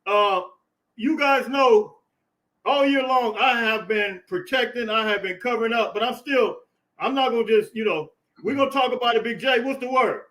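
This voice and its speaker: An American man hosting a casual sports podcast, loud and hyped, shouting greetings and laughing with viewers. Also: extremely high pitch, normal speed, low-quality recording. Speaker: podcast host.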